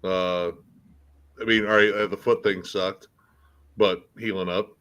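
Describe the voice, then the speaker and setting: A man's voice: lowish voice, fairly even intonation, measured pace, a bit bright. A man speaking as a guest in a casual podcast chat, laid-back and making dry remarks.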